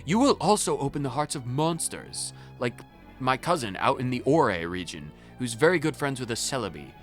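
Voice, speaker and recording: A man's voice: medium pitch, very animated, moderate pace, soft background music, lightly acted. A man voicing a solemn female ranger in a video game, with a thick put-on accent and stiff, formal phrasing. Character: solemn female ranger who distrusts people.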